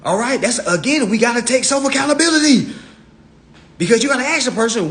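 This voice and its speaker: A man's voice: extremely high pitch, sing-song, fairly quick, a bit bright. A young adult man hosting a phone livestream, talking bluntly and profanely in a preachy rant full of acted-out dialogue. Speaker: social media live host.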